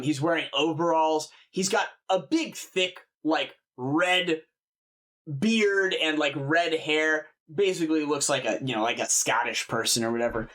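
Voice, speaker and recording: A man's voice: fairly high pitch, a bit bright. A man narrating a tabletop game as game master, casual and full of fillers.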